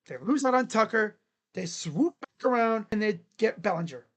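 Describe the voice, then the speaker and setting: Sports live-stream host, casual commentary, jokey, rambling, middle pitch. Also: expressive, moderate pace. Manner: jokey, rambling, breaks into shouted bits.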